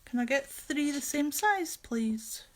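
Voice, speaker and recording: A woman's voice: high voice, lively intonation, takes it slowly. A woman hosting a casual crafting livestream from her craft room, chatty and gushing, often giggling.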